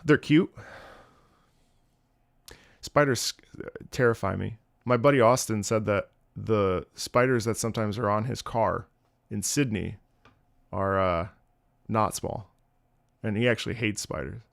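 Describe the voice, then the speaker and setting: A man's voice: fairly low pitch, measured pace, vocal fry, pauses often, no room sound, clean studio sound. A man chatting casually on a livestream, telling joking stories and swearing often. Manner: animated, joking storyteller with frequent swearing. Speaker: streamer.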